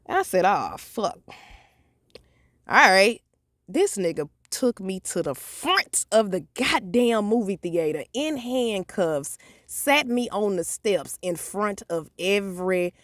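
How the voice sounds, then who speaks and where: A woman, telling a profane, animated story in a vlog. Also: mid-range voice, slow, dry recording, clean studio sound. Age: 30s. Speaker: vlogger.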